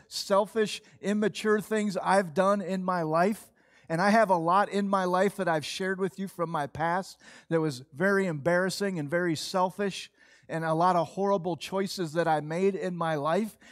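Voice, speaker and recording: A middle-aged male pastor, giving a conversational, earnest sermon with slow emphatic phrases. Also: sits high.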